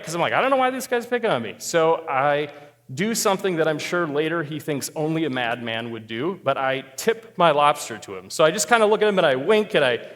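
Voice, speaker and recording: A man from Sioux Falls tells a comic, self-deprecating story to a live group, his voice neither high nor low. He builds up to the funny moments and then eases into calm advice. The sound carries a long reverb, as in a large hall. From Sioux Falls, South Dakota. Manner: animated storyteller, self-mocking humor, gets louder and higher at climaxes. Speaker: marriage therapist speaking at a church group.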